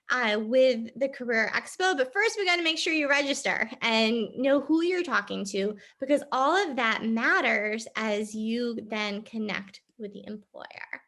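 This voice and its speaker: A woman's voice: high-pitched, a bit bright. Upbeat woman presenting a career workshop. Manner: upbeat, explains while clicking through a screen. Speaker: career services staff.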